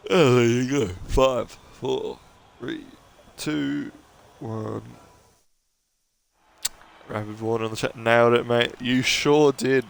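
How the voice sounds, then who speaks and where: A man's voice: mid-range voice, steady tone, takes it slowly, creaky, pauses often. A young man commentating a sim racing stream, chatting casually and joking with viewers and drivers. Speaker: race commentator.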